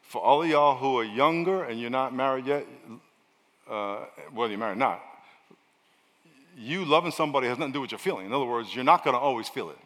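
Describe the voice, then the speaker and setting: A middle-aged male pastor preaching a sermon with lots of energy, switching between loud, fiery shouting and quiet, chatty asides to the congregation. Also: mid-range voice, expressive, fast talker. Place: large church hall. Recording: long echo of a large hall.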